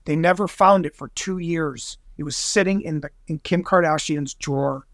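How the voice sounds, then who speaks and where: A man guesting on a podcast, telling a story in an excitable, rambling way and acting out other people's voices. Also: on the high side, normal speed, no room sound, studio quality. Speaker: guest investigator. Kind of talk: animated storytelling in conversation.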